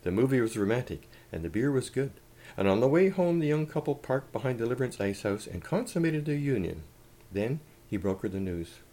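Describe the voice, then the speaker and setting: A man reading a humorous story aloud in a wry, lively way. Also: mid-range voice, fairly quick.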